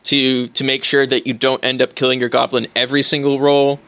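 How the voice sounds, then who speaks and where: A man's voice: medium pitch, little pitch movement, a little fast, fairly bright tone, no echo. A man co-hosting a casual podcast about tabletop games, talking enthusiastically with fillers and restarts. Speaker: podcast co-host.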